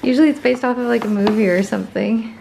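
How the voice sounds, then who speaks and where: A woman's voice: on the high side, fast talker, vocal fry, noisy background. A woman chatting casually in a home vlog, rambling about her garden and cooing at her dog. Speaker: vlogger.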